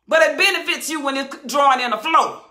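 A woman preaching on a Bible passage with a high, bright voice that rings in a roomy, echoey space. She hollers and drives her points home by repeating phrases. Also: a little fast. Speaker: Bible teacher. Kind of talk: impassioned verse-by-verse preaching. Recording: roomy echo.

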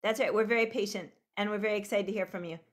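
A woman's voice: medium pitch, fairly even intonation, rapid-fire. A woman hosting an online video call, greeting viewers one by one by name in a bubbly, rambling way, laughing often. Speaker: host.

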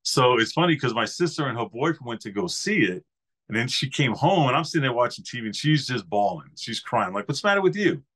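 A man's voice: mid-range voice, lively intonation, fairly quick, a bit bright. A man in his fifties from New York, a podcast guest telling easygoing, rambling stories about his years as a Marine. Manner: rambling anecdotal storyteller, easygoing. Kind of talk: casual interview storytelling.

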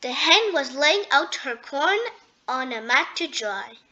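A woman reading a children's storybook aloud, gentle and expressive. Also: high-pitched, slow pace, dull audio. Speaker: storybook reader. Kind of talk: children's read-aloud narration.

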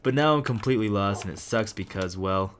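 A young man casually commenting on his own gameplay as a video host, rambling and excitable with lots of jokes. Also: on the low side, brisk, a little hiss or hum. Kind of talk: casual let's-play commentary.

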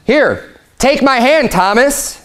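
A male preacher voicing the risen Jesus as an earnest, coaxing man who speaks slowly. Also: extremely high pitch, expressive, a bit bright, voice pushed up, exaggerated voice. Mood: reassuring.

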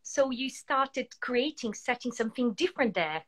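Woman, native Portuguese speaker, interview host, higher voice, encouraging, halting phrasing. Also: lively intonation. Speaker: podcast host. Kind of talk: interview conversation.

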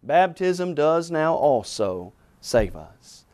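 A man's voice: fairly high pitch, very animated, slow pace, darkish tone. Emphatic male TV preacher. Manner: emphatic, repeats scripture quotes with rhetorical questions. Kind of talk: televised sermon.

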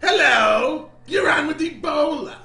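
Brief: very high, gravelly evil clown, yelling insults at callers, echoey room with faint music. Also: male voice, lively intonation, a little slow, heavily acted. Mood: taunting. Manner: screeching, insulting, cackling. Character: shrill cackling evil male clown host. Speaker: host. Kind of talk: live call-in show.

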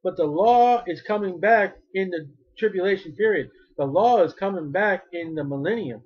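A man's voice: sits high, normal speed, breathy edge, muffled recording. A male preacher giving a fervent sermon, repeating his phrases and rising to cries when he quotes.

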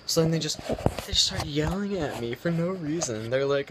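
A man's voice: medium pitch, fast talker, fairly bright tone, slight background noise. A teenage boy ranting casually to camera, irritated, swearing and rambling with lots of fillers. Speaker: vlogger.

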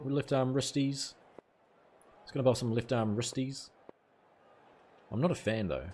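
A man's voice: medium pitch, a little slow, long pauses, darkish tone. A man streaming a cricket video game live, chatting casually with viewers and swearing now and then. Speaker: gaming streamer.

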